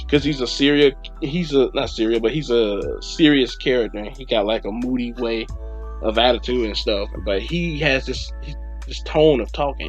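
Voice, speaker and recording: A man's voice: medium pitch, normal speed, husky. A man hosting a podcast, rambling casually through a game review and acting out his own reactions. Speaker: podcast host. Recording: dull lo-fi recording with faint music.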